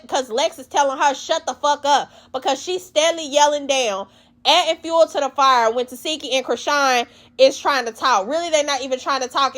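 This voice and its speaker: A woman recapping a reality show in blunt, profane, animated casual talk. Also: high-pitched.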